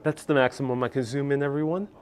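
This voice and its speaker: A man talks casually through a live stream from a skyscraper observation deck, pointing out the views. He is chatty and friendly with viewers, reading their comments aloud. His voice sits at a medium pitch and is picked up close on a clip-on mic. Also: fairly even intonation, fast talker. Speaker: live-stream tour guide. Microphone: wireless clip-on mic with phone on gimbal.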